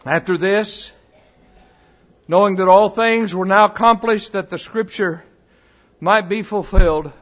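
A man preaching a sermon, dropping to a hush and then rising to a booming cry, repeating phrases for emphasis. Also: lo-fi sound. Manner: swings from hushed to booming, dramatic pauses.

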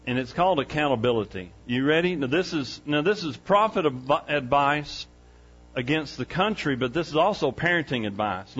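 Middle-aged man, pastor, preaching; raised voice pitch, muffled low-fidelity church recording. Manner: swings from loud and excited to quiet and hushed, with laughs. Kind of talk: sermon.

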